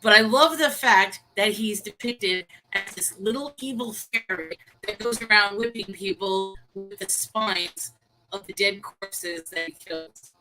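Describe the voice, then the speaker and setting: Bright, animated woman co-hosting a chat. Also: medium pitch, a little slow, soft background music, low-quality recording. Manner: animated storytelling, chatty. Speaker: co-host. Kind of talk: casual online chat.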